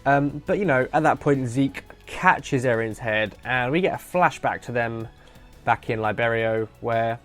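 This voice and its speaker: A male podcast host rambles through his episode commentary, animated and quick to correct himself, with casual swearing. His pitch sits in the middle for a man. Faint music plays underneath.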